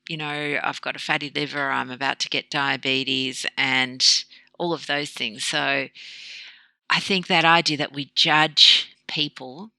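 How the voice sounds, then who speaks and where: A woman talks in a bright, forceful voice with a gravelly edge. She tells stories with analogies and acts out the voices in them. The sound is close and dry. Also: very deep voice, a little slow, no room sound. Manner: animated storyteller who acts out quoted dialogue. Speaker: guest, low-carb practitioner. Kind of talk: conversational interview.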